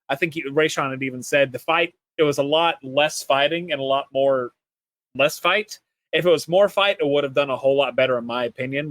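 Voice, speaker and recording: A man's voice: mid-range voice, fairly bright tone, no room sound. A man with a Southern US accent co-hosting a podcast, talking casually and rambling with many restarts. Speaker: podcast co-host. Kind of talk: casual chat.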